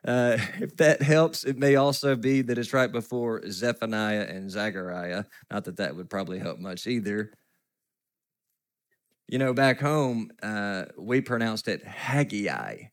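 A pastor preaching a sermon, telling stories with self-deprecating humor and now and then laughing. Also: male voice, fairly low pitch, fairly even intonation, a little slow.

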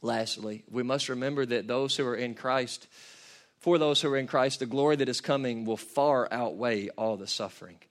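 A man preaching a passionate sermon, building from quiet reflection to shouted peaks. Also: mid-range voice, moderate pace. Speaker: pastor.

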